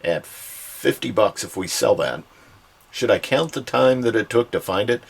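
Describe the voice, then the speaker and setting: A man's voice: on the low side, animated, a little slow, gravelly, husky. A man hosting a casual home vlog, chatting in a folksy way with joking asides from his storage room. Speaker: online reseller and channel host.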